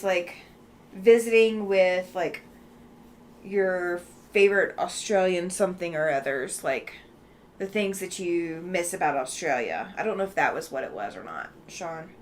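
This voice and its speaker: A woman hosting a relaxed quilting live stream, chatting with viewers and thinking aloud with lots of ums and likes. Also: fairly low pitch, slight background noise. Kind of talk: casual live-stream chat, reading viewer comments.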